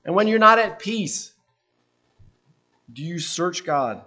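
A man preaching a sermon, earnest and questioning, letting his voice drop softly at the ends of phrases. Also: high-pitched, lively intonation, slow pace.

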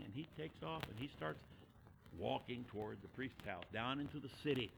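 A man preaching a sermon as a story, animated, acting out the characters and swinging from hollering to hushed. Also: on the high side, brisk, gravelly, background noise.

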